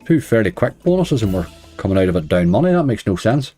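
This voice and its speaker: A man's voice: on the low side, big pitch swings, fast, warm tone, faint music behind. A middle-aged man with a Northern Irish accent, streaming online slots and chatting casually while grumbling at the game. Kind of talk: casual live-stream commentary.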